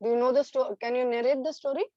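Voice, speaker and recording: A woman's voice: high voice, steady tone, fast talker, no echo, dull audio. A woman teacher telling a story to children in an online class, hesitant with many fillers.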